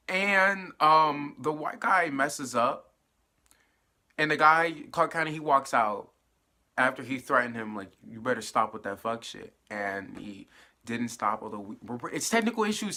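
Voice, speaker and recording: A late-teen young man rattles through an episode recap in a loose, sweary, animated way. His pitch swings widely from phrase to phrase. The voice itself sounds bright and a little tense. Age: late teens. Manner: animated, profane storytelling with fillers. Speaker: TV episode reviewer. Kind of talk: casual spoilery recap.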